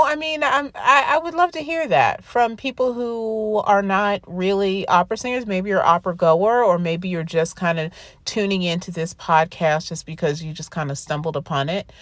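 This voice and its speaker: A woman's voice: medium pitch, a bit bright, no echo. Emotional chatty woman podcast host. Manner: emotional, apologetic, chatty with many restarts. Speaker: podcast host and classical singer. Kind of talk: casual podcast talk with read-aloud quotes.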